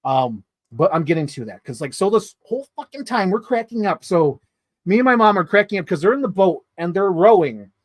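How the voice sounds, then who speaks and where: A man giving a casual movie review, excitable, laughing often and swearing freely. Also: high voice, brisk, dry recording.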